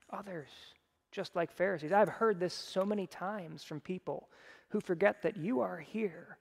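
A male pastor delivers a sermon in a casual, conversational way, briefly acting out the people he quotes. His voice sits high for a man. The sound carries a long reverb from a large hall. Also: darkish tone. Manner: conversational preaching, mimics voices when quoting.

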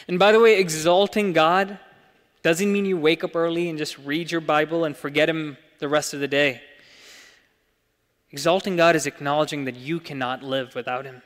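A young man preaching a sermon in a church, earnest, swelling to emphatic peaks and dropping soft. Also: on the high side, fairly even intonation, moderate pace. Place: church hall. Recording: long hall reverb.

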